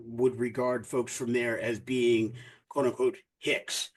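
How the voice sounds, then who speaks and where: A man's voice: medium pitch, poor audio. Guy running a sci-fi tabletop game, easygoing, explains stuff as he goes. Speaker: game master.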